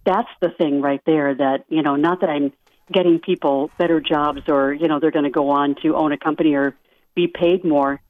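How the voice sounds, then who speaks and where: A woman guest on a radio interview, a life coach, talking softly and earnestly and laughing lightly now and then. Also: sits low, steady tone, moderate pace, no echo. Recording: dry tinny phone-line sound.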